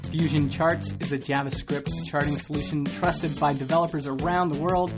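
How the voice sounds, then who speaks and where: A man from Canada hosting a podcast, chatting casually and laughing often between rambling sentences. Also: on the high side. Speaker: podcast host.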